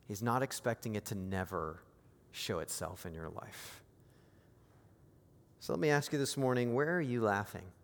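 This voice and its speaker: A man preaching a sermon as pastor, moving from quiet, intimate lines to raised, emphatic appeals. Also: mid-range voice, long reverb tail.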